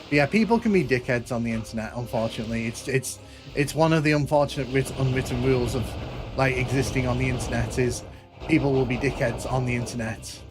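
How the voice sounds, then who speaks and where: A man's voice: mid-range voice, fast, over music. A man with a northern English accent from between Manchester and Liverpool, chatting casually while streaming a game and answering viewer comments. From northern England. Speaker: gaming streamer.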